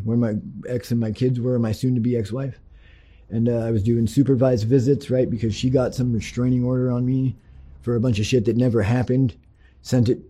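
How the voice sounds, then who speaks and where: A man's voice: mid-range voice, mellow. A man candidly recounting his divorce and recovery, swearing often and rambling through fillers and restarts. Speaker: person telling his life story. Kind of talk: candid personal storytelling.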